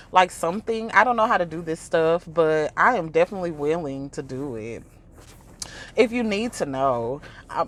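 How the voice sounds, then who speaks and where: Exasperated woman ranting on her vlog. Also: low voice. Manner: exasperated, mocking, with frequent laughs; imitates others in quoted asides. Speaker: vlogger. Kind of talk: casual reaction rant.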